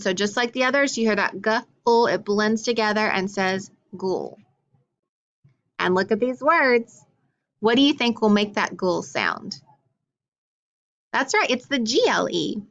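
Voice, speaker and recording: A woman's voice: medium pitch, a bit bright, dull audio. A woman teaching a phonics lesson to young children, with patient, sing-song call-and-response prompts.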